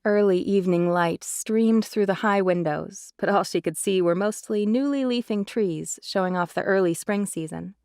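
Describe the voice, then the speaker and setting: A woman reading a romance audiobook in an even, measured way, her pitch sitting in an ordinary middle range. The sound is dry and close, with no room around her. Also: clean tone, dry recording. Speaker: audiobook narrator. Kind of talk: scripted romance narration.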